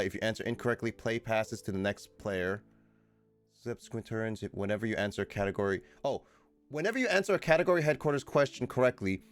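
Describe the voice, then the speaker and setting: A man streaming a board game with friends, reading the rules aloud haltingly and breaking off mid-word to restart. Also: medium pitch.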